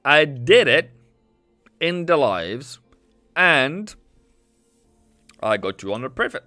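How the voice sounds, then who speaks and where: A man's voice: a little high, sing-song, slow, pushed and bright, no echo. A man hosting a live trading stream, casually thinking aloud over charts and reading chat messages. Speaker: forex trading livestream host. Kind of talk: casual live market commentary. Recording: dry close sound with faint music. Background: faint background music.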